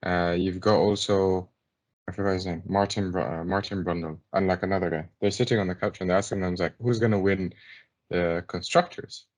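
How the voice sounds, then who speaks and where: Young man, co-host, lowish voice, animated casual storytelling. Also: brisk. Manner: animated storyteller, mimicking laughter. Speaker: podcast co-host. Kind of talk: casual podcast chat.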